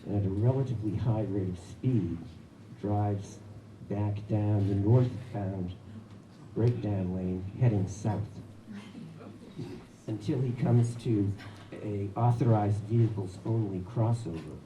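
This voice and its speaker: A man's voice: lowish voice, takes it slowly, recorded from a distance. A man telling a personal story at a live story hour, wry and chuckling often. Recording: echoey room with background noise.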